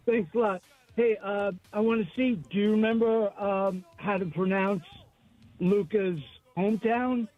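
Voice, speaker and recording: A man's voice: high voice, steady tone, a little slow, a little mellow, faint music behind. A man calling in to a sports radio show, friendly and chatty. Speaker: caller. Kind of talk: call-in radio talk. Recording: dull lo-fi phone audio.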